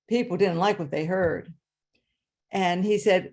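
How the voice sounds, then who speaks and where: A woman who was a third grade teacher, telling a personal story live to an audience with dramatic pitch leaps. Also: a little slow, pauses often, darkish tone. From New York area. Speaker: storyteller, retired-style schoolteacher.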